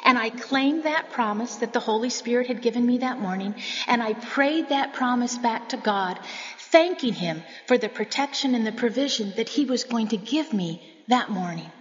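A woman's voice: fairly high pitch, expressive, normal speed, big-room sound, highs cut off. A woman giving an earnest, sermon-style Bible teaching, telling personal stories.

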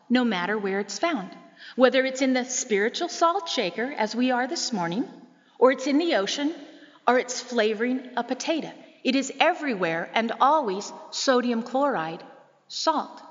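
A woman pastor delivering a sermon in an emphatic, measured way, asking the congregation rhetorical questions. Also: a little high, expressive. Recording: muffled, echoey sanctuary recording.

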